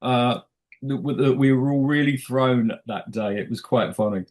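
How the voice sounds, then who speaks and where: A man's voice: medium pitch, fairly even intonation, measured pace, darkish tone, rough recording. A middle-aged man, a film director telling stories casually in an interview, with many restarts and quoted asides.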